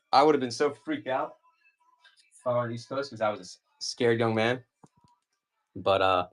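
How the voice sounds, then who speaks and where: A man in his forties from the United States, rambling casually through a live-stream comic auction with lots of fillers and asides. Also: medium pitch. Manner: rambling and chatty, many fillers.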